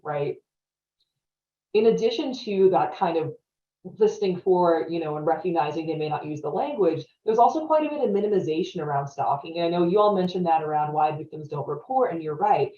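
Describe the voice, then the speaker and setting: A woman's voice: lowish voice, animated, a little fast, dark tone. A woman presenting a training webinar in a conversational way, often checking in with "right?". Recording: roomy, distant, dull-sounding audio.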